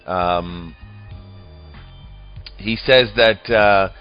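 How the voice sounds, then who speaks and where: Male commentator, low voice, mocking and profane, dull lo-fi sound. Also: very slow. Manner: rambling, crude and mocking. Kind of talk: profane comedic political commentary. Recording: dull lo-fi audio with faint music.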